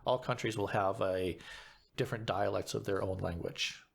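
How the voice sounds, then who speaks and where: Halting, thoughtful man in casual chat. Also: on the low side, fairly even intonation, vocal fry, slightly rough. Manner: thoughtful, halting, frequent restarts. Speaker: guest actor.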